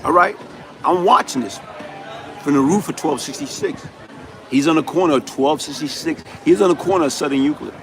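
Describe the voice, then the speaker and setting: High-voiced New man telling his story. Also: a little fast, fairly bright tone. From New York City. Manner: emphatic street-slang storytelling, repeats "you know what I'm saying". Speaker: livestream host. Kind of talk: live-streamed personal storytelling.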